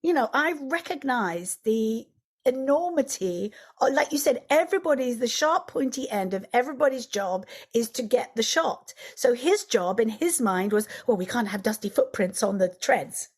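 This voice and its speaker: Middle-aged woman on a podcast, animated storyteller, does little voices for quotes. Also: fairly high pitch, moderate pace, husky. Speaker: podcast guest, actress. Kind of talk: casual interview chat.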